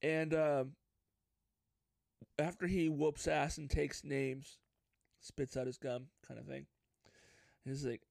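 A man hosting a solo podcast in casual chat, his fairly high voice carrying a gravelly fry. He tells stories excitedly and lets his emotions show. The sound is dry and close, with no room around it. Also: measured pace, pauses often, dry recording. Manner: excitable and openly emotional storyteller. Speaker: podcast host.

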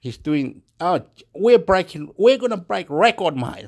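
A man's voice: high voice, sing-song, unhurried. A man talking in a rambling, repetitive and emotional monologue to camera.

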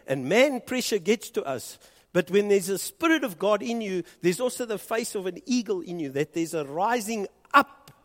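A male pastor with a South African accent delivers a sermon in a church hall, and the long reverb trails after each phrase. His voice sits a little high for a man. He swings from loud, urgent pushes to low, hushed lines. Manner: dramatic swings from loud urging to hushed lows. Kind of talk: bilingual sermon.

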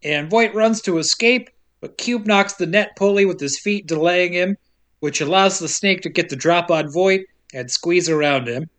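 High-voiced man wryly recapping a plot. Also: normal speed. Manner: wry, deadpan storytelling with frequent laughs and silly asides. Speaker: podcast co-host recapping a film. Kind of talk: casual comedic plot recap.

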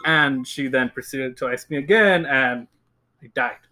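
A man's voice: mid-range voice, unhurried. A young man co-hosting a casual podcast, telling a story with lots of laughing and acted-out quotes. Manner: animated storytelling, acts out quotes, laughs often. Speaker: podcast co-host. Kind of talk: casual chat.

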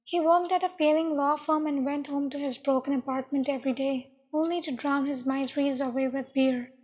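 A woman reads a dark story aloud in a calm, measured way. Her voice sits high, and the recording sounds dull and muffled. A long echoing reverb hangs around every line. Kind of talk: reading dark fiction aloud.

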